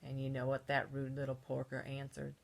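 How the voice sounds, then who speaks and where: A woman's voice: very deep voice, monotone, brisk, gravelly, voice pushed down. A woman voicing a male wolf who tells his own side of a children's story, conspiratorial and cheeky. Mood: sly. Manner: conspiratorial storytelling, with gasps and sneezes.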